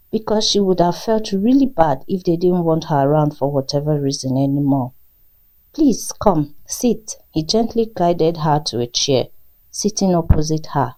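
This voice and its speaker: A woman storyteller narrating a folktale in a steady, measured reading. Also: deep voice, poor audio.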